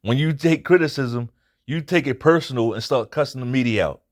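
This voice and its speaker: A man hosts his own boxing commentary show and delivers a casual recap that turns into a blunt rant. His voice sits at an ordinary middle pitch. He swears freely and drives his points home by repeating them. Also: fairly quick. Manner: blunt, profane, emphatic, repeats points for emphasis. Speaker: boxing commentary channel host.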